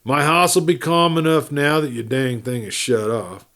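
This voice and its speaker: A man reading aloud, voicing a cool, wry cowboy drifter who speaks in a slow drawl. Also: mid-range voice, fairly bright tone, pitched above the performer's own voice.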